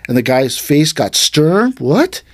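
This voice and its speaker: This podcast host, an aikido instructor, chats casually about martial arts and tells a story, acting out each voice with energy. He has a medium pitch and a moderate pace, recorded in studio quality with no room sound.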